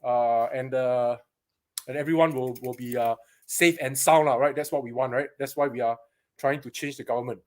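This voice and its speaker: A man's voice: mid-range voice, steady tone, normal speed. A man from Singapore with a Singaporean English accent, hosting a casual live stream from a paintball shop, chatty and greeting viewers by name.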